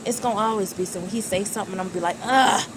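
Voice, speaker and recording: A woman's voice: medium pitch, steady tone, racing, background noise. A woman guest talking emphatically and bluntly in a casual chat. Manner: outspoken and emphatic, laughs.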